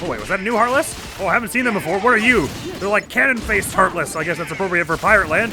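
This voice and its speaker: Give me a playful man commentating a game, animated, a bit high. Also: quick pace, few pauses, music in the background. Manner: playful, chatty, goofy sound effects. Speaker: let's play host. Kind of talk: gameplay commentary.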